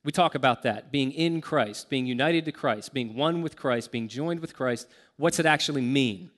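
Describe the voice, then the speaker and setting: A man's voice: medium pitch, a bit bright. Emphatic male pastor in a reverberant hall. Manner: earnest, emphatic, slows down to stress key words. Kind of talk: sermon.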